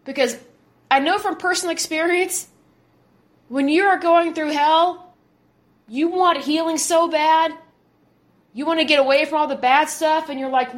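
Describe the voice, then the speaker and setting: A woman in her late thirties with a high voice delivers her commentary with fired-up conviction. She hammers her points home by repeating key words, her tone indignant and insistent throughout. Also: steady tone, a little slow, long pauses. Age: 30s. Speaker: podcast host. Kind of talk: opinionated commentary.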